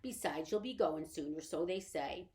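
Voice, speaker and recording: A woman voicing a tiny, weary father who speaks flatly in rustic grammar. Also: low-pitched, normal speed, close to an everyday voice. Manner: flat, tired, rustic grammar. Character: weary steady tiny father borrower man.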